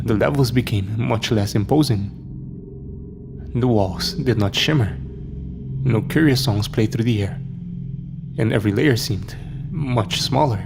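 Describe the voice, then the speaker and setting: A man narrating a scripted horror story in a dramatic, measured way. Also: fairly low pitch, vocal fry. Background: soft background music.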